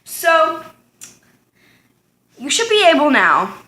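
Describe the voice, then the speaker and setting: Teen girl vlogger, bright and high, rambling storytime chat in an echoey kitchen. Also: wildly swooping pitch, slow. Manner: rambling, sidetracked, lots of ums and likes. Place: home kitchen. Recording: echoey room.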